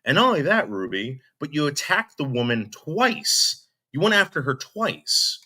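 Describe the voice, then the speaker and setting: A man's voice: medium pitch, huge pitch swings, measured pace, pushed and bright. A man giving blunt, scornful commentary on a clip and addressing its subject directly. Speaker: commentary streamer reacting to a clip. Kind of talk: reaction commentary.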